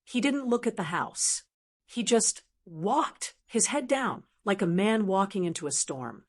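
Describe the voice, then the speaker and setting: An older woman narrating a family story in a calm, measured voice. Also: mid-range voice.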